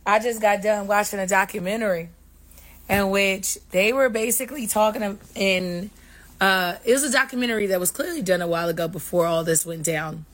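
A woman giving her followers a casual news update in a relaxed, chatty way. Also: medium pitch, brisk.

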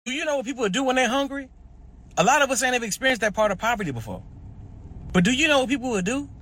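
A man giving casual direct-to-camera commentary, animated and preachy, warning his viewers in slang-heavy talk. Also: very high voice, racing. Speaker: social media commentator.

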